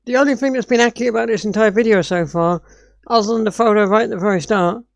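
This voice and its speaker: A woman's voice: medium pitch, fast, creaky. A woman, ranting in sweary exasperation while reacting on a live stream.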